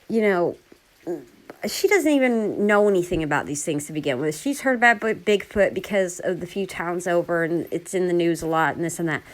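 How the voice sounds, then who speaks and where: Woman, casual storyteller, chatty, animated, quoting others, mid-pitched voice. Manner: chatty, animated, full of quoted dialogue. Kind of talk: casual spoken retelling.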